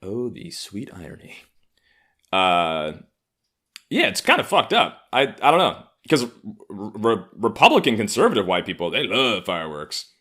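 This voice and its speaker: A man's voice: lowish voice, huge pitch swings, moderate pace, bright, forceful tone, husky. A man in his thirties from Harlem, hosting a solo comedy podcast with sardonic, profane riffing. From Harlem, New York. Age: 30s. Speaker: podcast host.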